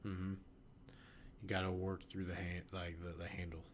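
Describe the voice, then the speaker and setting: A man's voice: sits low, completely flat delivery, normal speed, a little hiss or hum. A sleepy man studying code, reading notes half-whispered and thinking aloud. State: sleepy, yawning. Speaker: student learning to code.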